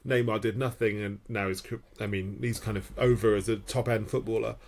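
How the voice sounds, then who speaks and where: A man's voice: lowish voice, steady tone, brisk. A man on a podcast panel arguing a point, restarting his sentences often. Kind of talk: casual panel chat.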